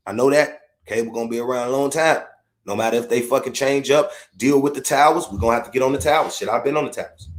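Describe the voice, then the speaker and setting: Profane ranting Chicago man, echoey room. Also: medium pitch. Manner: profane, blunt, heated, repetitive. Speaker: podcast host. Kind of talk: unfiltered rant.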